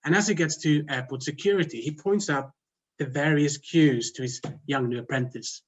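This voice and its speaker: A man's voice: fairly high pitch, normal speed. A man from Sweden with a Swedish accent giving a humorous contest speech over a video call, dry and self-mocking. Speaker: contest speaker.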